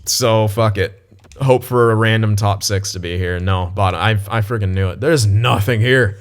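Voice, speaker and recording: A young man with a fairly low voice talks through his video game session, thinking out loud in a loose, casual way. He swears freely and breaks into sudden excited outbursts. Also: moderate pace. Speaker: gaming channel host. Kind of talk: casual gameplay commentary.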